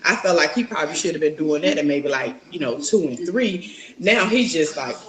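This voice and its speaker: A woman's voice: low voice, lively intonation, fairly quick, roomy sound, rough recording. A woman, a mother and interview guest, talking casually and reflectively, rambling with lots of fillers. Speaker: mother of a young son, guest.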